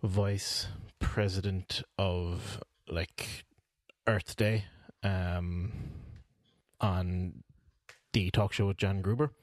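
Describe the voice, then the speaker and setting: Chatting casually as a podcast co-host, this man rambles, filling his speech with fillers and restarts. He has a low voice, fairly even intonation, and speaks very slowly, captured in a dry, clean studio recording.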